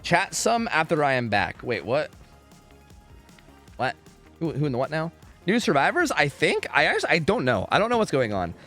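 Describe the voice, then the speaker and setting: A young male streamer talks to his chat from a home setup into a desk microphone. His voice sits a bit high and swings widely, and he swears and rants freely. Faint music plays underneath. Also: moderate pace, long pauses. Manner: profane, animated and ranting, talks to chat. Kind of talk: casual livestream chat.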